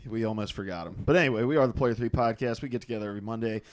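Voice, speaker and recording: A man's voice: lowish voice, rapid-fire. A young man hosting a casual gaming podcast, joking and teasing his co-hosts as he tells stories. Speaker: podcast host.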